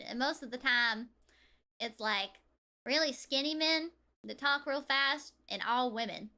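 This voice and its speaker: A woman with a Southern US accent, chatting and giggling on a livestream, with drawn-out vowels. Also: high voice, sharp tone. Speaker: streamer. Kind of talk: casual livestream chat.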